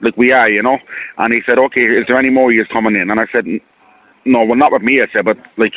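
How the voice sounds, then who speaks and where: An Irish man speaks fast over a tinny phone line. He rambles, repeats himself and sounds earnest and hurt. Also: mid-range voice, steady tone, dry recording. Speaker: caller. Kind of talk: phone-in radio call.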